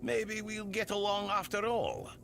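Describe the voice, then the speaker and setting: Grumpy cursing cook. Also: male voice, high voice, steady tone, measured pace, fairly bright tone, full character voice. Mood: grumbling. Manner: gruff, swearing, sarcastic. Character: grumpy foul-mouthed male castle cook. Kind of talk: video game dialogue. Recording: game audio with music behind.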